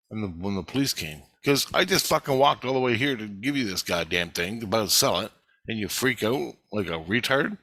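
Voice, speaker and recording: A man's voice: lowish voice, lively intonation, moderate pace, fairly bright tone, no echo. A man telling a story in an angry, rambling monologue, swearing often and repeating himself. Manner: profane, agitated, repeats himself.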